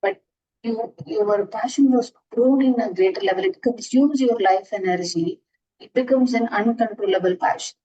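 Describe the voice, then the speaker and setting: A woman lectures to her class in a warm, mellow voice, earnest and repetitive, often breaking off and restarting her sentences. The audio is dull and lo-fi, like an online class recording. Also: a little high, normal speed. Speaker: astrology teacher.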